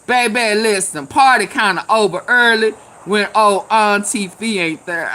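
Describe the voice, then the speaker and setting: Tipsy laughing woman, bright voice. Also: mid-range voice, measured pace, hardly any pauses, a little hiss or hum. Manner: loud, laughing, swearing, calls viewers out by name. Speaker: live stream host. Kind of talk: casual live chat with viewers.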